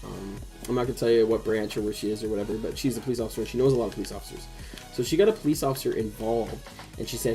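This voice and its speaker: A man's voice: fairly low pitch, fast, dark tone, soft background music, rough recording. A young man hosting a casual chat, telling a rambling personal story full of swearing and fillers. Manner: rambling, swears a lot, heavy use of "like". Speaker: host.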